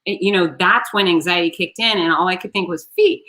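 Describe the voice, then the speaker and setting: Woman host, middle-aged, bright and forceful tone, lower pitch, lively storyteller. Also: fairly quick, a little hiss or hum, poor audio. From South Florida. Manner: animated storyteller, acts out quoted voices. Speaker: show host. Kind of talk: casual podcast conversation.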